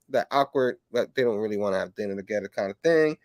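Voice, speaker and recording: Male host, casual review chat, slightly raised pitch, rambling filler-heavy delivery, dry sound. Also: normal speed, no room sound. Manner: rambling, filler-heavy, animated when acting out quotes. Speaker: comic book show host.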